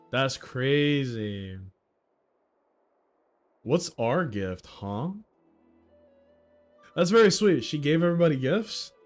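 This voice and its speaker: A man livestreaming a story game, chatting casually in laid-back slang and laughing easily. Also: medium pitch. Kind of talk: casual game stream reaction.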